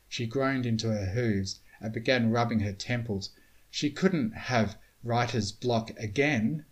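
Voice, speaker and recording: A man reading a storybook tale aloud in a steady, measured way. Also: mid-range voice. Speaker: reader. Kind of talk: storybook narration of fan fiction.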